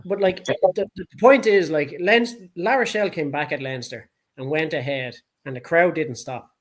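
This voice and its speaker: Dublin male co-host, heated casual chat, curses freely, lightish pitch. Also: moderate pace. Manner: blunt and sweary, heated. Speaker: podcast co-host.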